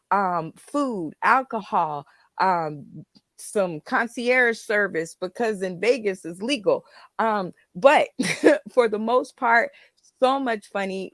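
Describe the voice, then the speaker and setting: A woman's voice: medium pitch, no room sound. Upbeat woman host, dry close sound. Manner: upbeat, playful hype. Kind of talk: lively show announcements. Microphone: video call.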